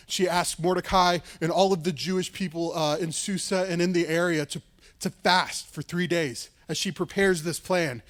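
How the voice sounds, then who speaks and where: A male pastor with a high voice tells a story during his sermon. He talks casually and loosely, dropping "like" and "right?" often, and often leans on dramatic emphasis. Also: normal speed. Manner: casual, lively retelling with fillers like "like" and "right".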